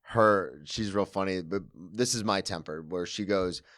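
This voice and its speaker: A man hosting a casual podcast, talking relaxed and swearing freely. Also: low-pitched, measured pace. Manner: relaxed, swears freely, short back-channel replies. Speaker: podcast host.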